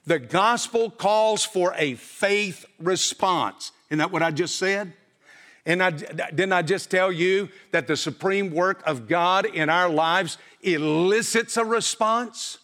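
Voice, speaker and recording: High-voiced preacher, emphatic and questioning. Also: male voice, slow, fairly bright tone. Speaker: pastor. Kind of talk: sermon. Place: church.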